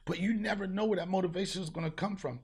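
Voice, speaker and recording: A man hosting a podcast, telling a street story in casual chat, profane and animated, acting out the people he met. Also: sits high, fast, husky. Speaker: podcast host.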